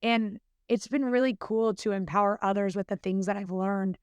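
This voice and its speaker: Podcast guest: young woman, earnest and chatty, quick, dry close sound. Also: medium pitch, steady tone, smooth, no echo. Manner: chatty, earnest, fast with many fillers. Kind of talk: casual podcast interview.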